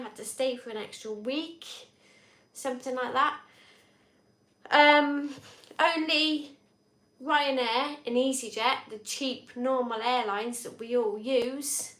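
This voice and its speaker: A woman with a slightly bright, higher-pitched voice co-hosts a live drinking stream, chatting casually and reading viewer comments aloud in a rambling, easygoing way. She's chatty and laughs easily, and the room sounds echoey.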